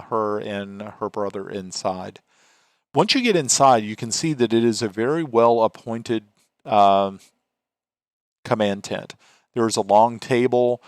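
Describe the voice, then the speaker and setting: A man's voice: fairly low pitch, dry recording, clean studio sound. A man narrating as game master of a tabletop game, hesitant and full of fillers.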